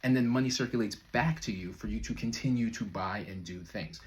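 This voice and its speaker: A man's voice: on the low side, brisk. A man speaking as a manifestation coach in a loose, conversational way, full of fillers and brief chuckles. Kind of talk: casual motivational talk to camera.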